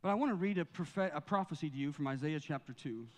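In the church sanctuary, a pastor preaches with mounting fervor and reads scripture aloud with intensity. He's a fast, expressive talker with a fairly high pitch and a big-room sound.

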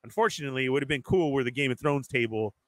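A man's voice: medium pitch, very fast, fairly bright tone, dry recording. A man in casual conversation, telling a story animatedly and acting out what others said. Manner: acts out other people's lines in quoted voices. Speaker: storyteller in group chat.

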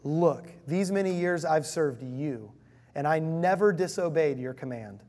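A preacher voicing a resentful elder brother who accuses his father, husky and clipped. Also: a little high, lively intonation, measured pace, a little mellow. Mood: angry.

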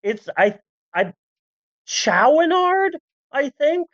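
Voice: medium pitch, big pitch swings, measured pace, no room sound, dull audio. A podcast host telling history in a rambling, jokey way, full of asides and silly voice bits. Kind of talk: comedic history podcast chat.

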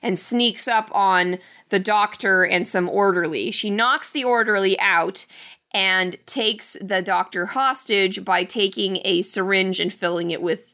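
A woman's voice: mid-range voice, a little slow. A woman in casual chat, recapping a film scene by scene and acting out the lines she quotes. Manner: lively, acts out quoted lines. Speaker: movie podcast co-host.

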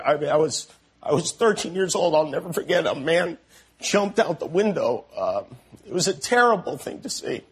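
A man in his fifties making an earnest, emotional on-air appeal, halting and restarting as his voice wavers. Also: a little high, breathy edge. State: emotional, voice breaking.

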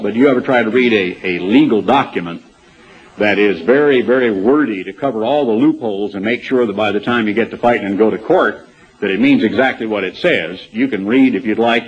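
A man preaching a sermon in a conversational way, reading aloud and adding asides and rhetorical questions. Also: medium pitch. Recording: dull lo-fi sermon tape.

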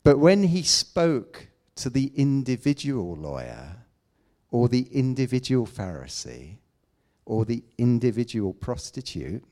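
Slow, expressive preacher. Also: male voice, medium pitch. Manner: emphatic, rises to loud declamation then drops to asides. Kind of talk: sermon.

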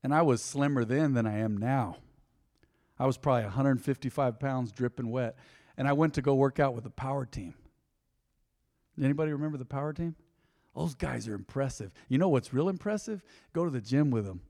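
A male pastor preaching a sermon, telling a personal story in a conversational way, swinging between loud emphasis and soft asides. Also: medium pitch, brisk. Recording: long reverb of a large hall.

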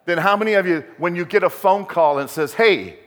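A man's voice: high-pitched, a little fast, a bit bright. A male pastor preaching a sermon, telling folksy stories and building to emphatic bursts. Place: church sanctuary. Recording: long hall reverb.

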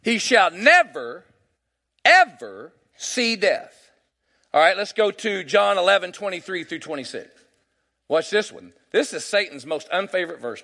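Gravelly, animated preacher man. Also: on the high side. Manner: call-and-response, drawn-out emphatic scripture reading. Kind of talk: sermon.

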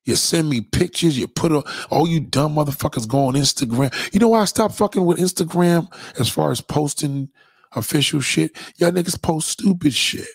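A man hosts a profane, blunt monologue aimed at his viewers. His voice is husky and sits a little high for a man, with big swings in pitch. The sound is dry and close. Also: moderate pace, no echo. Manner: profane, blunt, animated ranting. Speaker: host.

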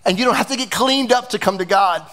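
Passionate high-voiced male pastor preaching. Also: fast, bright, forceful tone, in a large hall. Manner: passionate, emphatic preaching with rising emotion. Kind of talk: sermon. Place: church sanctuary.

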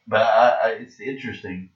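A man's voice: on the low side, normal speed, echoey room, lo-fi sound. A man in his forties from Canada, a comedian chatting casually and rambling with jokes while getting a massage. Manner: rambling, joking, self-interrupting. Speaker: comedian and podcast host. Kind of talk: casual chat during a massage.

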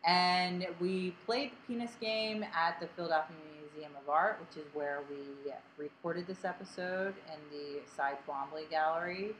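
Low-voiced rambling woman podcast host. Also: steady tone, normal speed, hardly any pauses, a bit bright, slight background noise, low-quality recording. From Delaware County, Pennsylvania. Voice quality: grating voice. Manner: rambling, filler-heavy, self-deprecating. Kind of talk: casual podcast chat.

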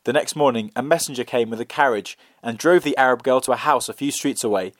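A man narrating a folk tale in a measured, expressive storytelling reading. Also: mid-range voice, dry recording.

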